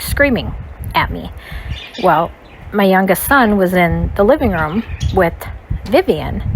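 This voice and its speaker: A woman with a slightly low voice tells a personal story in a loose, casual way. She rambles and leans on "like" and "you know" as she goes. A faint hiss sits under her voice. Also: rough recording. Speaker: storytime vlogger.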